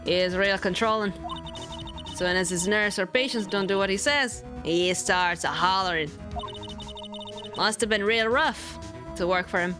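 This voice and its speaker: Girl doing a brassy southern photographer lady, slow folksy drawl, game music behind. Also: medium pitch, natural voice. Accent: attempted Southern US. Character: brash Southern woman photographer, nosy and folksy.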